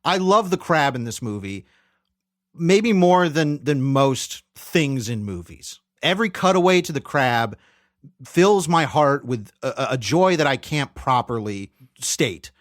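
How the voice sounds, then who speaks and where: A man co-hosting a movie podcast in casual chat, retelling scenes with lively quoted character lines. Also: mid-range voice, unhurried, no echo, studio quality. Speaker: podcast co-host.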